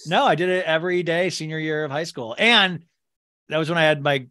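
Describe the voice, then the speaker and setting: A man's voice: a little high, a little fast, pushed and bright, dry recording. A man hosting a podcast, telling rambling self-mocking stories in casual chat and laughing as he goes. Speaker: podcast host.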